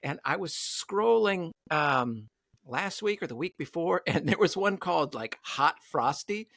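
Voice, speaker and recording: A man's voice: on the high side, lively intonation, a little slow, creaky, a bit bright, dry recording, clean studio sound. A man guesting on a podcast, chatting casually in an easygoing way and laughing often. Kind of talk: casual chat.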